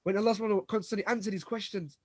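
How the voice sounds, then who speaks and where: An Islamic lecturer delivers a religious storytelling lecture, dramatically retelling events and acting out the dialogue, with frequent restarts and repeated words. He speaks very fast in a high-pitched, steady voice, and the recording is dry.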